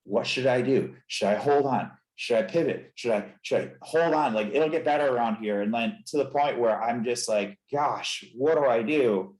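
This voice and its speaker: A man's voice: medium pitch, normal speed, few pauses, darkish tone. A man, a chiropractor, telling his story as a podcast guest in an earnest, reflective, emotional way. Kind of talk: candid podcast interview. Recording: roomy echo.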